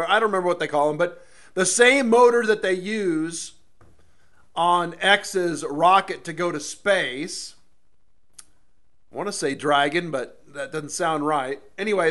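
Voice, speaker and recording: A man's voice: high voice, fairly bright tone. A man hosting his own political rant show from his home studio, rambling and sarcastic in a monologue.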